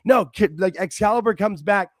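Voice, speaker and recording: High-voiced excitable man chatting. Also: moderate pace, no echo, clean studio sound. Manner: excitable, talks in bursts with laughs and restarts. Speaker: podcast co-host. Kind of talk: casual wrestling chat.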